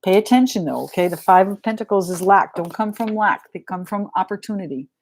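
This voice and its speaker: A woman's voice: mid-range voice, lively intonation, a little fast, a little mellow. A middle-aged woman with a New England accent giving a live tarot reading in a chatty, frank and joking way. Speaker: tarot reader.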